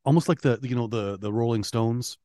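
A man's voice: medium pitch, warm tone, no room sound, studio quality. A man co-hosting a music podcast in casual chat, teasing and swearing, often restarting his sentences. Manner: profane, teasing, halting with many restarts. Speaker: podcast co-host.

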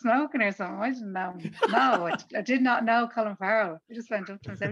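A woman's voice: mid-range voice, quick pace, muffled recording. A woman with an Irish accent, a comedian chatting casually in an interview and acting out the people in her stories. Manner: lively storytelling, acts out the people she quotes. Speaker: comedian guest.

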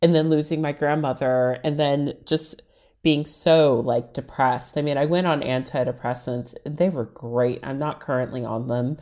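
A woman's voice: rumbling low, fairly even intonation, normal speed, darkish tone. A woman from the Washington, D.C. area, talking frankly and chattily as an interview guest. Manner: frank, chatty, heavy use of "like". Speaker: interview guest, writer and stylist. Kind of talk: candid personal interview conversation.

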